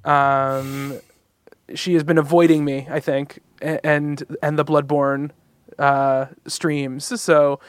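Rambling podcast host, dry sound. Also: male voice, fairly high pitch, little pitch movement, takes it slowly, clean tone, dry recording. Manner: rambling, many fillers and restarts. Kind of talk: casual chat.

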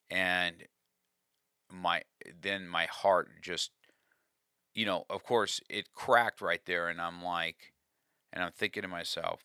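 A man's voice: low voice, fairly even intonation, unhurried, long pauses, pushed and bright, clean tone, no room sound, studio quality. A man telling a personal story with a life lesson, earnest and confessional, often restarting his sentences.

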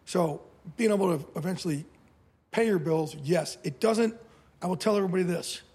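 A man in his fifties, a podcast guest telling stories in a blunt, animated way, often swearing. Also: sits high, a little fast, breathy edge. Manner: blunt, profane, animated storyteller. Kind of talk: casual interview storytelling.

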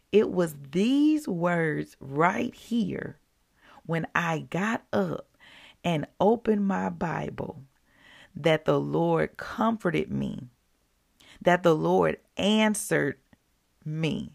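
A woman hosting a devotional podcast, talking conversationally to her listeners and reading scripture slowly and deliberately. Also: on the low side, expressive, vocal fry, darkish tone.

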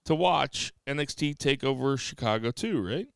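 Lively-voiced man hosting a casual podcast. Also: mid-range voice, normal speed, gravelly, clear, resonant tone, no room sound, studio quality. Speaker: podcast host.

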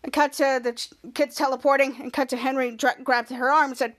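A woman's voice: high-pitched, fairly even intonation, a little fast, hardly any pauses. A woman hosting a podcast, casually recapping a TV episode scene by scene, rambling with frequent restarts. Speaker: podcast host.

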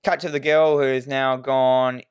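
A man's voice: medium pitch, flat delivery, unhurried, clear, resonant tone, no room sound. A man, co-hosting a podcast and recapping a horror film in irreverent casual chat, swearing freely. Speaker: podcast co-host.

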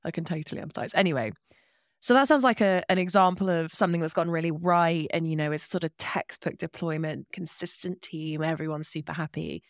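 A woman's voice: low voice, a little fast, no echo. Sympathetic woman co-host, dry sound. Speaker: podcast co-host. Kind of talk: casual conversational interview.

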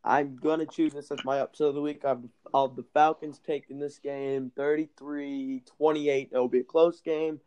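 A man's voice: fairly high pitch, steady tone, moderate pace, hardly any pauses, a little mellow, clear, resonant tone. A young man co-hosting a casual sports podcast, laid-back and a little hesitant, often saying "I feel like". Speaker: podcast co-host.

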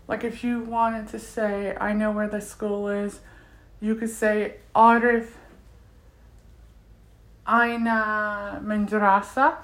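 A woman talking casually about a language course she enjoys, with plenty of fillers and restarts. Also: medium pitch. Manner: chatty, many fillers and restarts. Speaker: language learner reviewing a course. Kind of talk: casual spoken review.

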